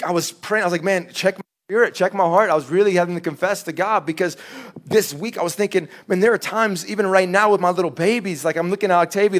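A man in his thirties preaches with a notably high voice. He talks candidly and conversationally, acting out little quotes as he tells his stories from the pulpit. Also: a bit bright. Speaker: pastor. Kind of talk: sermon.

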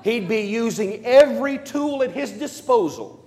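A priest preaching at a conference, emphatic and telling stories with playful asides. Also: male voice, very high voice, lively intonation, unhurried, darkish tone. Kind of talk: conference sermon. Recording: long hall reverb.

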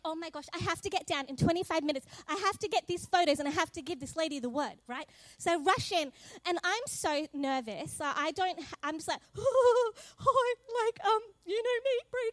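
A high-voiced woman tells a personal faith story with plenty of energy, acting out each conversation. The sound is dry and close, with no room around her. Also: dry recording. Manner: lively storyteller, acts out dialogue, laughs often. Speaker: speaker sharing a testimony. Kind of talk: animated personal testimony.

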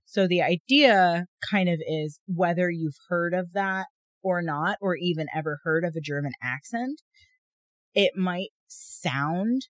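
A woman co-hosting a podcast in casual chat, talkative and quick to laugh, with lots of fillers. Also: on the low side, no echo. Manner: chatty, laughs often, many fillers. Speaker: podcast co-host.

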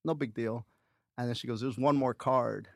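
A man's voice: medium pitch, normal speed, creaky, dry recording, clean studio sound. A middle-aged man, a comedian guest, telling profane stories in casual podcast chat and acting out the quotes. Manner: profane, animated storytelling with acted-out quotes.

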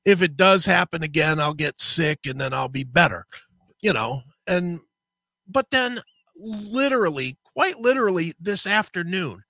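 A man with a bright, forceful voice rambles through a story in casual chat, cursing constantly and winding himself up as he goes. His voice sits a little high for a man. The mic sound is close and dry. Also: a little slow, creaky, no echo. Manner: profane, animated storyteller. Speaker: co-host.

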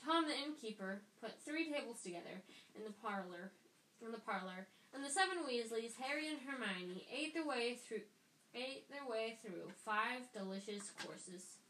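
A woman's voice: on the high side, animated, normal speed, a bit bright. A woman reading a story aloud, stumbling and restarting lines as she goes. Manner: reads with frequent stumbles and restarts. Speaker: reader. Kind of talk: amateur audiobook reading. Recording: echoey room with faint noise.

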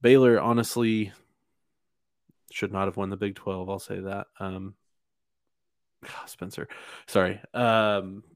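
A man with a low, fairly flat voice hosts a laid-back sports podcast. He talks in a loose, halting way, full of fillers and restarts. The sound is dry and close. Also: clear, resonant tone, no room sound. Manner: hesitant, lots of fillers and restarts. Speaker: podcast host. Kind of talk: casual sports podcast chat.

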